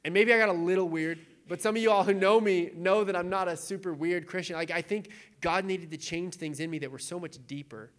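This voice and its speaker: A young adult male pastor delivers a sermon in a relaxed, conversational way, leaning on fillers and casual phrasing. His voice sits fairly high for a man. At times he turns tearful and his voice breaks. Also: a little fast, few pauses.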